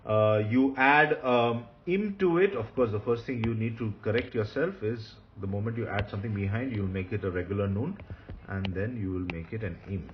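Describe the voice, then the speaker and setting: A man teaching Hebrew grammar in a recorded lecture, patient, repeating key points and often pausing with fillers. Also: fairly low pitch, highs cut off, background noise.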